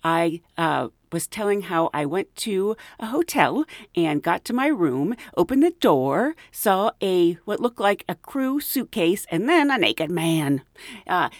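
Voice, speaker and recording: A woman's voice: fairly low pitch, very animated, measured pace, no room sound, clean studio sound. A woman who works as a flight attendant hosting her podcast, telling a story in a chatty, giggly way with plenty of ums and uhs. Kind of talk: casual storytelling monologue.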